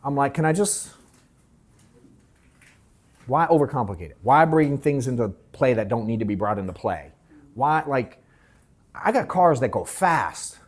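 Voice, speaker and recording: This is a man teaching a live sales workshop in a loose, joking way. He acts out his own thoughts mid-story, swears freely and calls people bro and dude. His pitch rises and falls a lot as he talks. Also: animated, measured pace, long pauses. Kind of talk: casual, joking workshop talk. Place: workshop room with an audience.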